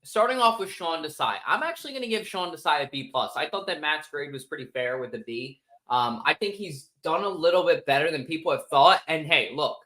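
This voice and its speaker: A man's voice: fairly high pitch, lively intonation, fairly quick, hardly any pauses, sharp tone, low-quality recording. A man co-hosting a sports podcast, joking and opinionated in casual chat. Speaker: podcast co-host.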